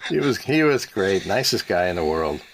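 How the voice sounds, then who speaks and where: A man's voice: sits low, big pitch swings, normal speed. An older man from the Seattle area, a former radio DJ, telling casual stories in an interview and rambling with many restarts. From Seattle area, USA.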